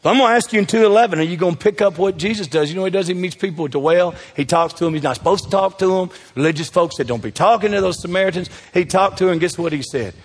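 A man with a Southern accent preaches a sermon, his husky voice sitting high for a man. He keeps throwing questions out to the congregation and pushing them to answer. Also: racing, hardly any pauses, big-room sound. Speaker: pastor.

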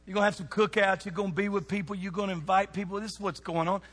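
A man preaching a sermon to young people, animated and throwing questions out to the crowd. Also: high voice, quick pace. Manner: animated, asks the audience questions. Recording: long hall reverb.

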